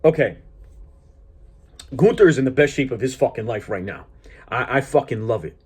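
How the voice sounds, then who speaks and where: A fired-up man rants at mid pitch in a loose, profane monologue about wrestling. He stumbles over himself, repeating words and restarting lines as his thoughts run ahead of him. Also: expressive, normal speed, slightly rough. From Greek heritage. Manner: profane, heated, restarts often. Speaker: wrestling commentator vlogger. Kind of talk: casual ranting monologue.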